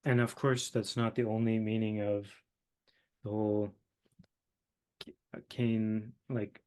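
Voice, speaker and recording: Brief: young male host, lowish pitch, halting, filler-heavy philosophical chat. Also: level tone, a little mellow, clear, resonant tone. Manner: halting, searching for words, many fillers. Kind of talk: casual philosophical conversation.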